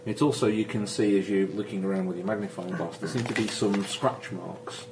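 A man's voice: fairly low pitch, fairly even intonation, a little fast. A man running a tabletop game as game master, describing scenes with many ums and restarts. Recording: noisy recording.

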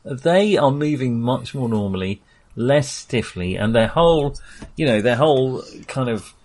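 A man's voice: medium pitch, expressive, a little slow, a little mellow. A man running a tabletop game as game master, narrating the scene with a laugh in his voice.

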